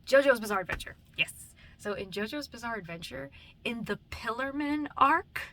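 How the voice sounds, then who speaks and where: A woman's voice: on the high side, expressive, normal speed, sharp tone. A young adult woman vlogging at home at night, chatting in a drowsy, meandering way with casual swearing. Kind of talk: late-night rambling chat.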